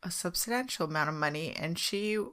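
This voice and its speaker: Chatty lady podcaster, lowish voice, swears and laughs as she tells it. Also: lively intonation, fairly quick, pushed and bright, smooth. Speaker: podcast co-host. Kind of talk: casual storytelling.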